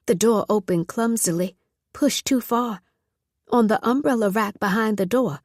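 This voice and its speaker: A woman narrating an audiobook in a measured, steady storytelling voice. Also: a little high, dry recording, studio quality. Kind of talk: scripted narration.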